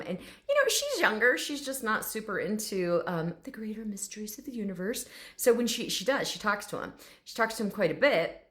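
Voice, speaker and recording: Woman, animal communicator, casual storytelling, lively swooping pitch, chatty with lots of fillers. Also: normal speed.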